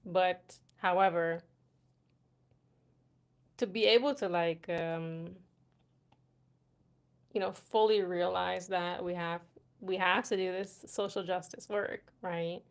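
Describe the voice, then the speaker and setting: A woman's voice: on the low side, steady tone, slow pace, long pauses, smooth. Chatty young woman hosting a livestream. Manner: chatty, laughs often, many fillers like "right?" and "you know". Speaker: livestream host. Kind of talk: casual livestream chat reading comments. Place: Morocco.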